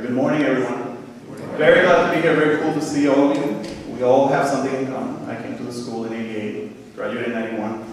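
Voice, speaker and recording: Animated man speaking in an echoey hall. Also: mid-range voice, distant mic, a little hiss or hum. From Puerto Rico. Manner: animated storytelling. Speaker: guest speaker. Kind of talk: school assembly speech.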